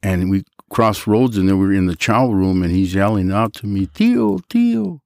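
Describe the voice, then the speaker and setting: A man telling stories from his life in a casual interview, animated and acting out the voices of others. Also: fairly quick, no echo, studio quality. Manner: animated storyteller, jumps high to act out quoted voices; Christian, speaks of his faith. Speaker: guest.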